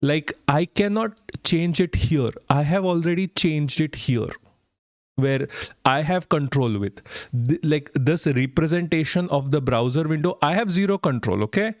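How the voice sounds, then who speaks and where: A hoarse, sick man, ranting in frustration during a live stream, swearing heavily and slipping into Hindi. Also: on the high side, lively intonation, unhurried, dry recording, clean studio sound.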